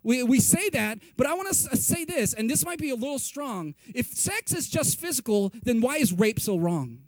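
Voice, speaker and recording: High-voiced animated male pastor. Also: moderate pace, no room sound. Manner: conversational, repeatedly asks "right?"; animated, acts out quoted reactions. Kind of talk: sermon.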